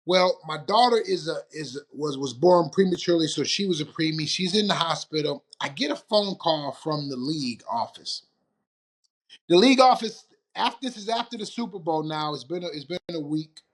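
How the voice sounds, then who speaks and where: A man's voice: on the high side, normal speed. A man from Detroit, a retired football player, telling stories as an interview guest, acting out the quoted lines and laughing often. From Detroit, USA. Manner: animated storyteller, acts out quotes, laughs often. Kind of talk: storytelling interview.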